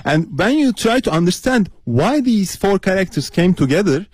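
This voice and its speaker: A man's voice: high voice, sing-song, moderate pace, breathy edge, no room sound. Hesitant man, radio guest. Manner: hesitant, many fillers, earnest. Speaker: studio guest. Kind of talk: radio interview. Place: radio studio.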